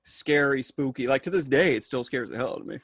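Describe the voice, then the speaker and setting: A man co-hosting a podcast, chatting casually and telling animated stories with plenty of swearing. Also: medium pitch, fast, husky, no echo, clean studio sound. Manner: swears freely, animated storytelling. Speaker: podcast co-host. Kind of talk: casual chat.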